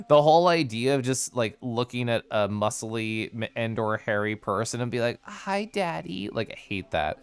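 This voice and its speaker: A man's voice: mid-range voice, normal speed, smooth. A man streaming a game, chatting casually in a bubbly, giggly, theatrical way. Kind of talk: casual livestream chat over gameplay.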